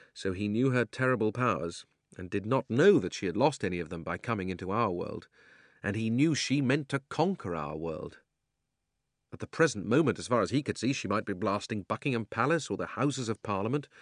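A man reads a children's novel aloud in an expressive storytelling manner. His voice sits low but moves with lively intonation. The recording is dry and close, with no room sound. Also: no room sound. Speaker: narrator. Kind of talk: audiobook narration.

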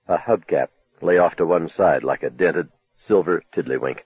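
Husky male audiobook narrator on a tinny line. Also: no room sound. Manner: measured, low, dramatic storytelling. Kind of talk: first-person novel narration. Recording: tinny phone-like dry recording.

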